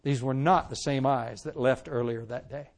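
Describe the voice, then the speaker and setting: A man preaching a sermon testimony, telling his story with animated swings from loud to hushed and acting out the lines he quotes. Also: mid-range voice, moderate pace, creaky.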